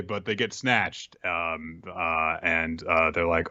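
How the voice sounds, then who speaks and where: A man's voice: low-pitched, expressive, normal speed, few pauses, bright, forceful tone, no room sound. A man co-hosting a podcast, recapping a manga chapter casually with many fillers and restarts. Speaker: podcast co-host. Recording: dull dry lo-fi recording.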